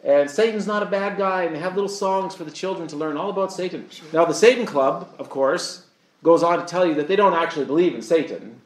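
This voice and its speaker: A man's voice: on the high side, fairly quick. Earnest preacher man, echoey room. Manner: earnest, asks the audience rhetorical questions. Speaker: pastor. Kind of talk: sermon.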